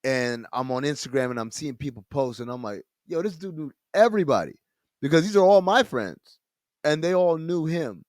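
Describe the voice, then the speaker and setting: A man co-hosting a podcast, talking casually and haltingly, repeating words as he thinks. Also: a little high, expressive, a little mellow, dry recording, clean studio sound. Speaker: podcast co-host.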